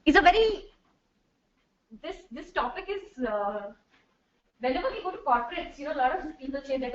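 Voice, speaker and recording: A woman's voice: sits high, lively intonation, normal speed, long pauses. A middle-aged woman giving a chatty workshop talk to a live audience as a corporate trainer, slipping into Hindi and laughing often. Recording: distant, dull, echoey room.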